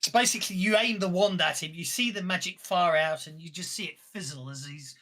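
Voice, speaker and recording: A man's voice: high voice, fairly quick, sharp tone. A man running a tabletop role-playing game over a voice call, chatty and easygoing, explaining rules with fillers. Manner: chatty, rulings with fillers and laughs. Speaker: game master.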